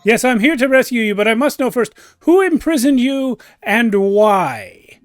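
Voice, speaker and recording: A man's voice: very high voice, very animated, measured pace, clear, resonant tone, no echo, clean studio sound, voice pushed up, exaggerated voice. A man voicing a haughty male elf who talks grandly and presses with questions. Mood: demanding. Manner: pompous, grandiose.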